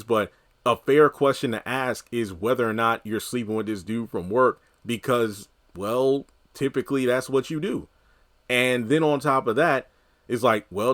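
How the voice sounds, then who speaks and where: A man's voice: medium pitch, fairly bright tone. Rambling man in casual commentary. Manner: conversational, rambling, heavy on fillers. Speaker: TV recap commentator.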